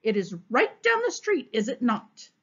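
A woman's voice: a little high, sing-song, measured pace, pitched above the performer's own voice, heavily acted. A woman voicing an exasperated, sarcastic male police captain in a storybook read-aloud. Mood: exasperated sarcasm. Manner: sarcastic, clipped. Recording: dull, muffled recording.

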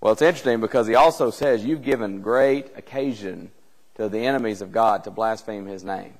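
A man's voice: lowish voice, brisk. A male preacher giving a conversational Bible class, retelling a scripture story with rhetorical questions and reading old-style scripture aloud. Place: church hall. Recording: long church hall reverb.

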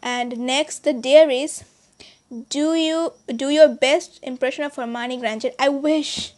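A woman whose first language is Bengali, chatting casually in a vlog with halting, hesitant speech full of restarts and fillers. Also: high voice, fairly even intonation, darkish tone. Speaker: channel host.

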